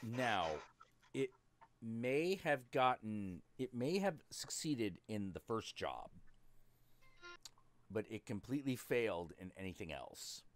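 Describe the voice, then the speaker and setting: Male host, lowish voice, lively swooping pitch, animated, profane, casual stream chat. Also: slow.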